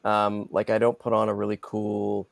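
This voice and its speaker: A middle-aged man, a guest voice actor, chatting in an interview in a lively, self-deprecating way with many restarts. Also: on the low side, normal speed, vocal fry, no echo. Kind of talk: casual interview chat.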